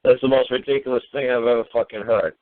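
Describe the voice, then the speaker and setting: A male radio host tears into a caller with profane, sarcastic scolding. His voice sits at a middle pitch. The audio is thin and narrow, like a phone line. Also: fairly even intonation, quick pace. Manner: profane, scolding, mocking rants. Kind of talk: call-in radio talk.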